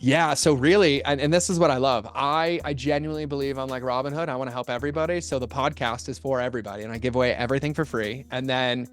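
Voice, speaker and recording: A man who works as a marketing strategist, telling stories in a casual podcast interview with earnest, animated energy and quick bursts of speech. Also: mid-range voice, faint music behind.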